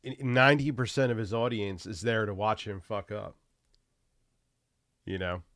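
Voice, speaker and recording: A man's voice: lowish voice, fairly even intonation, normal speed, a bit bright, no echo, clean studio sound. Stuffy-nosed man ranting on stream. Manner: profane, rambling, loose. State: stuffy nose from a cold. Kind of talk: casual livestream rant.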